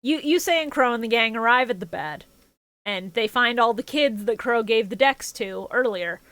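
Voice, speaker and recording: A woman's voice: fairly high pitch, moderate pace, no echo. A woman co-hosting a casual podcast, recapping an anime episode with lots of laughter, swearing and acted-out lines. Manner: excitable, laughing, swearing, acts out characters in retelling. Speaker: podcast co-host.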